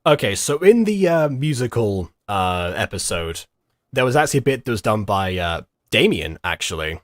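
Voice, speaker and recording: A young man giving rambling, halting reaction commentary with lots of fillers and giggles. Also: fairly low pitch, sing-song. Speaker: streamer reacting to a video.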